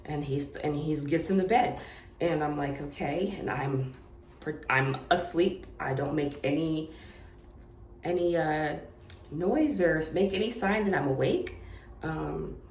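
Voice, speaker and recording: A young woman telling a personal story to camera in an unedited confessional vlog, halting and hesitant, with many fillers and restarts. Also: sits low, darkish tone. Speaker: vlogger. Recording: echoey room with faint noise.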